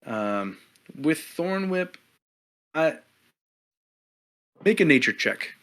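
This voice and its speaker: A man's voice: a little high, sing-song, drawn-out words, fairly bright tone. A man running a tabletop game as game master, easygoing and chuckling, with many fillers. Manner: easygoing, laughs often, filler-heavy.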